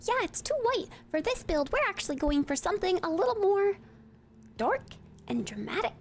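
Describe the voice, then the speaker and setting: A woman's voice: very high-pitched, sing-song, moderate pace, slight background noise. A woman streamer thinking aloud in a casual, playful way while she builds in a game. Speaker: live streamer.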